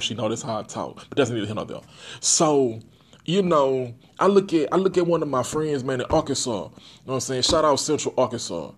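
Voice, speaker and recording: A young man holds forth on his own podcast in a casual monologue at a mid-range pitch. He talks bluntly and profanely, in an animated way that keeps circling back to the same catchphrases. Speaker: podcast host.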